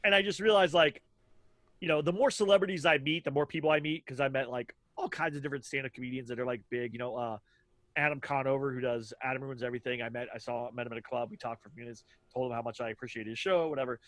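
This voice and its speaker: A man's voice: medium pitch, steady tone, fast talker, a bit bright, dry recording. A man in his thirties co-hosting a podcast, telling casual stories in a rambling way with lots of fillers and acted-out quotes. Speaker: podcast co-host. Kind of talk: casual storytelling chat.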